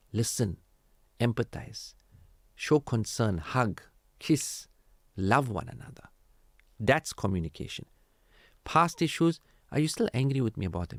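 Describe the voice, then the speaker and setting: A man hosting a radio marriage counselling talk, animated and preachy, acting out quoted family dialogue. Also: medium pitch, measured pace, pauses often, no echo, studio quality. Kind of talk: casual radio advice talk.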